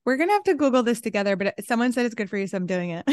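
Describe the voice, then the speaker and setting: A woman from New York co-hosting a casual podcast chat, calm and quick to laugh, wearing headphones with a mic. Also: a little high. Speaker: podcast co-host. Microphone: headphones and mic at home.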